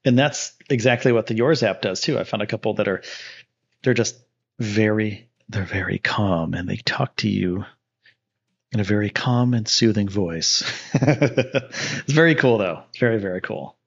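A man's voice: lowish voice, moderate pace, creaky, slightly rough. A man hosting a livestream in casual chat, easygoing and rambling as he talks to viewers. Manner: rambling and easygoing, with frequent fillers and restarts. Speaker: livestream host. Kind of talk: casual live-stream chat, reading chat and an ad. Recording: dull lo-fi stream audio.

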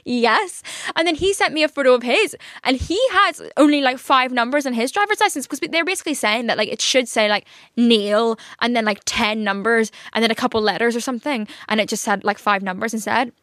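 A woman's voice: on the high side, brisk, no room sound, studio quality. A young woman with a Northern Irish accent, hosting a podcast and telling a story in a rambling, swear-filled way with lots of filler words. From Northern Ireland. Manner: rambling, heavy on filler words, swears freely, animated venting. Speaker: podcast host. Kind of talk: casual storytelling monologue. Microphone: studio podcast mic.

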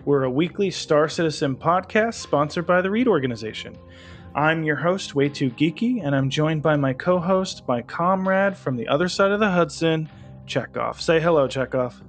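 A man's voice: a little high, moderate pace, soft background music. A man hosting a gaming podcast, talking casually with frequent ums and uhs. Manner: relaxed, hesitant with many fillers. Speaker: podcast host.

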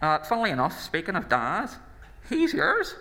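A man's voice: sits high, huge pitch swings, normal speed, sharp tone, voice pushed up, heavily acted. A man voicing a jokey scheming male figure in a Northern Irish accent, playful and self-interrupting. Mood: breezy. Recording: reverberant room.

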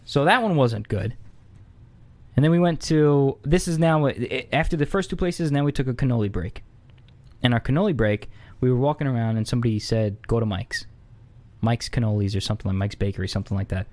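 A man casually telling a comedic anecdote, conversational with many fillers and asides, getting louder and higher as the story heats up. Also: fairly quick. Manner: animated, rising excitedly when impersonating locals.

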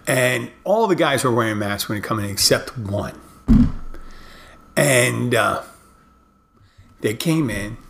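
A middle-aged man, a bartender hosting his podcast, telling stories in a casual, halting monologue with many restarts. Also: medium pitch, fairly bright tone.

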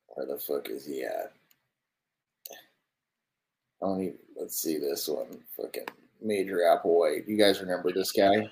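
A man in his twenties in casual live-stream commentary, swearing constantly and rambling to his viewers as he reacts to football highlights. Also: normal speed, a little mellow, rough recording. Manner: loose and rambling, talks to viewers.

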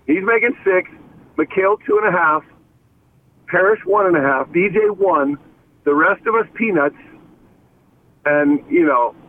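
A man's voice: high-pitched, measured pace, long pauses. A male basketball analyst calling into a radio show, joking in playful banter. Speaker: basketball broadcast analyst, guest. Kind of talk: casual radio interview. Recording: phone line call-in.

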